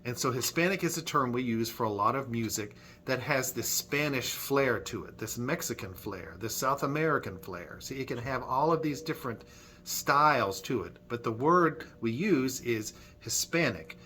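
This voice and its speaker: A man's voice: medium pitch, animated, normal speed, sharp tone, slight background noise. A man leading a children's Sunday school music lesson at church, friendly and patient, clapping and chanting rhythms.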